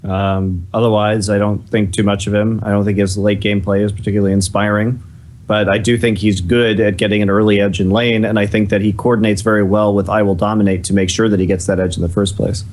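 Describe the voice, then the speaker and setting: A man co-hosting a casual podcast chat, measured and analytical in his views. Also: lowish voice, flat delivery, darkish tone, a little hiss or hum. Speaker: podcast co-host.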